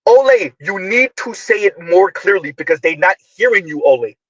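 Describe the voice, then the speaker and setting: A man delivering a loud, emphatic commentary monologue, often shouting, full of slang, repetition and rhetorical questions. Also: high-pitched, lively intonation, normal speed, dry recording, dull audio. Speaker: online commentator.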